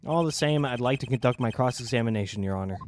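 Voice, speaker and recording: A man's voice: medium pitch, fast, a little mellow, slight background noise, close to an everyday voice. A man reading an earnest young defense lawyer. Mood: questioning.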